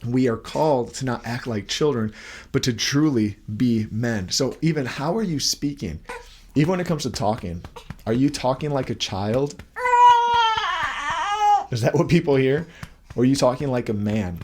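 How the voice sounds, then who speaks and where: A man's voice: medium pitch, animated, normal speed, long pauses, a little mellow, a little hiss or hum. A young man giving an earnest devotional talk as a podcast host, asking many questions while holding his baby at home.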